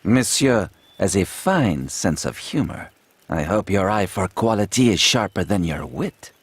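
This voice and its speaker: An actor playing a proud, flattering gunsmith with a French accent, in a video game. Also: male voice, low-pitched, measured pace, husky, dry recording, exaggerated voice. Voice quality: fawning, theatrical salesman manner.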